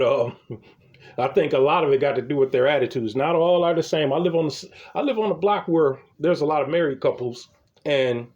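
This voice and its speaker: With highs cut off the audio, this man rants through comic stories in a fairly high voice of darkish tone. The comedy vlogger rambles, curses, and trips over repeated words whenever he starts talking.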